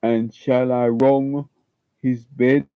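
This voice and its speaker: A man's voice: mid-range voice, level tone, drawn-out words, warm tone, clean tone, no echo. A man attempting a Texas accent while performing a monologue as a tormented young man in guilty love, stumbling and repeating words. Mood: anguished. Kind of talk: dramatic audition monologue. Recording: slightly muffled lo-fi recording.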